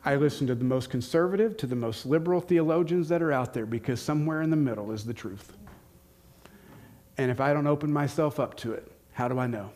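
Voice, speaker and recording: Speaking a little fast with a mid-range, darkish tone, this pastor in his forties delivers an earnest sermon in a Southern American accent. He's from the United States, puts questions to the congregation, and repeats important lines to drive them home.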